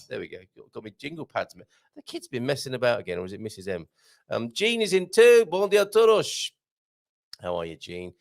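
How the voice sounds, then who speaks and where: A middle-aged man with a slightly croaky throat hosts a live show in casual, jokey chat, reading out viewer comments and chuckling at himself. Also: medium pitch, very animated, fairly quick. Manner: jokey, chatty, self-mocking, frequent chuckles. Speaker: livestream host.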